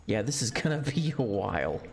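A male streamer talks casually through a classic game, cheering small wins and muttering to himself. His pitch is lively and animated, with game music faintly audible underneath. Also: brisk, creaky. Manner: excitable, chatty, easily delighted. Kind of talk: casual gameplay commentary.

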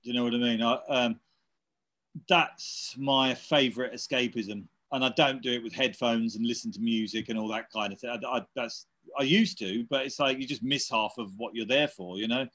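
A man's voice: medium pitch, normal speed, fairly bright tone. Rambling man in his fifties. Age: 50s. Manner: rambling, many fillers and restarts, laughs while telling stories. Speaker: interviewee, electronic musician. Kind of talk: casual chat.

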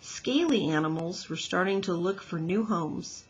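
A woman teacher reading a children's novel aloud, telling it gently and expressively. Her voice is low and very husky and breathy. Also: expressive, unhurried, dull audio. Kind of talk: children's book read-aloud.

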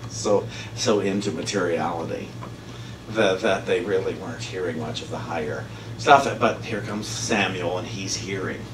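A man giving a casual, conversational sermon, telling a story with frequent laughter. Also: sits low. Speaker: minister. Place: church sanctuary. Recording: echoey hall, far from mic, noisy.

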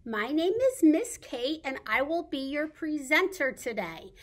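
A woman leading a recorded baby storytime at a library, talking in an animated sing-song way for babies and caregivers. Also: high-pitched, unhurried. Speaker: children's librarian. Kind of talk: baby storytime with songs and reading.

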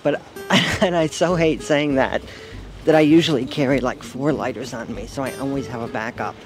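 A man's voice: medium pitch, moderate pace, soft background music. A man in his forties with an American accent telling stories in a dry, self-deprecating way, recorded outdoors on a city street. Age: 40s. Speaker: writer, guest. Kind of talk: casual storytelling.

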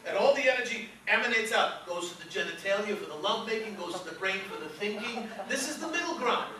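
Male comic as a grandiose mock-mystical psychic, high-pitched, echoey, from afar. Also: animated, quick pace, sharp tone. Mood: pompous. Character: pompous self-assured male psychic doctor. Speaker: comedian playing a fake psychic. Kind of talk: live stage comedy bit with volunteer. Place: stage before a live audience. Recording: echoey noisy room, mic far off.

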